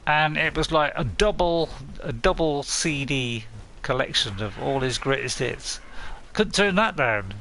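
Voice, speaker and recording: A man streaming a game, talking in a loose, rambling and playful way. His pitch sits a touch high and bounces around a lot. The tone is bright, and there is a faint hiss behind him. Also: lively intonation, unhurried. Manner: playful, rambling, laughs often. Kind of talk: casual live-stream chat.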